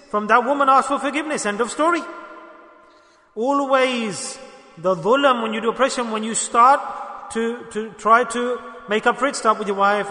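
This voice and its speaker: A man delivers an emphatic, repetitive sermon, his bright, high voice swinging from loud declarations to near-hushed asides. The room is very echoey, with a long reverb trailing every phrase. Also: brisk. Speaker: preacher.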